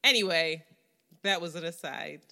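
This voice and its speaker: Bright, low-pitched woman, wry and teasing. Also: normal speed, vocal fry. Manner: wry, teasing, trails off quietly into asides. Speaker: podcast co-host and editor. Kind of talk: casual podcast chat.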